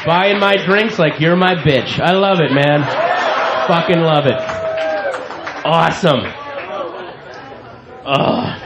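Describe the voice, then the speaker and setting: A stand-up comedian on a club stage, loudly and profanely mocking audience members who kept talking. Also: male voice, fairly high pitch, slow pace, long pauses, highs cut off. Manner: incredulous, mocking, profane, loud. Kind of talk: stand-up set, confronting hecklers. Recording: live club recording with crowd noise. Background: audience laughter and club noise.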